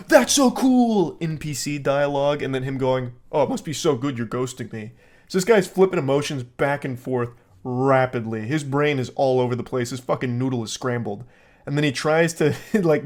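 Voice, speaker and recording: Dry sarcastic guy roasting texts, mid voice, deadpan. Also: mid-range voice. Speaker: online commentator. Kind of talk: comedic commentary on text messages.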